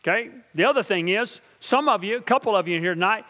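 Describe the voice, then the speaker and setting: A middle-aged man preaching to his congregation in a fairly high voice, with a long hall reverb trailing behind him. He drops to slow, hushed intensity and then climbs into loud, driving emphasis, checking in with his listeners as he goes. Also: lively intonation. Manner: preaching with call-and-response asides to the congregation; shifts from quiet, slow intensity to loud, emphatic build-ups. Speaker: pastor. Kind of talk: sermon.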